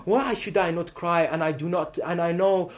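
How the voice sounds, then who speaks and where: A man preaching an emotional sermon, moving between loud, urgent emphasis and quiet, hushed passages, with chanted supplications woven in. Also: sits high, fairly even intonation, normal speed. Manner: intersperses melodic chanted supplications.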